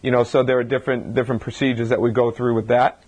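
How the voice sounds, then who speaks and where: Speaking fast in a mid-range voice that's level, a little mellow and slightly rough, a male chiropractor delivers a casual lecture on health to a live crowd. He poses rhetorical questions and frequently starts over mid-thought.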